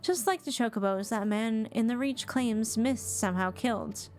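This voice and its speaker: A woman's voice: fairly high pitch, moderate pace, darkish tone, soft background music, lightly acted. A woman reading as an earnest, determined game companion.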